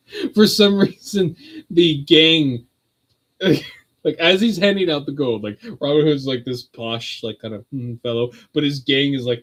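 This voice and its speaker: A man's voice: mid-range voice, fairly bright tone, low-quality recording. Chatty guy hosting a stream, rambles a lot, laughs a bunch, normal mid voice. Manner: rambling and conversational, laughs often. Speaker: host of a streamed religious talk. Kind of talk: casual chat.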